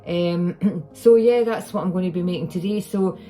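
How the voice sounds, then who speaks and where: This is a Scottish woman with a fairly low, mellow voice, casually chatting through a home baking video. She rambles and restarts her sentences as she works in her kitchen. She is recorded on a phone, with faint music underneath. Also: normal speed. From Scotland. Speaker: home cooking vlogger. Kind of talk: casual chat while baking. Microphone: iPhone.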